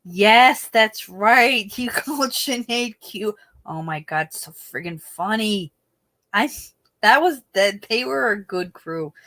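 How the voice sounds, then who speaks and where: A woman hosting a casual livestream, chatting in an animated way, laughing often and sometimes trailing off quietly. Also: mid-range voice, slow. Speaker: livestream host.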